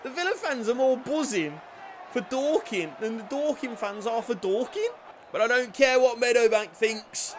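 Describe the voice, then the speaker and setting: A man commentating his football video game career with loud outbursts and cheeky banter. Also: very high voice, lively intonation, normal speed, slight background noise. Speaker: gaming YouTuber.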